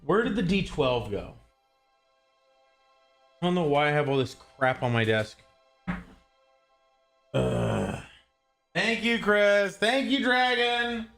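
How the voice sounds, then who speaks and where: A streamer chatting live with viewers, excitable, swearing and laughing often. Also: medium pitch, slow pace, gravelly, pauses often, faint music behind.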